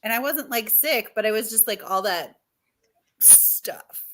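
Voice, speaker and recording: A woman teacher chatting in a relaxed way on a livestream. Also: a little high, measured pace. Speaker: teacher, guest cohost. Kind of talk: casual chat.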